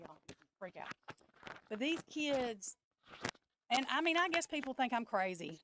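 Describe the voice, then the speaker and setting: A woman's voice: high voice, big pitch swings, measured pace, pauses often, background noise. A woman who hosts a tarot live stream, talking in a casual, emotional and blunt way that rambles.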